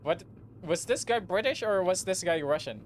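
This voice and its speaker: A male streamer voicing game lines with a friend in a playful, drawn-out way, with clear hiss behind. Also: high-pitched, lively intonation. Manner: playful, drawn-out, mumbling asides. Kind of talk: casual game voice-over with a friend.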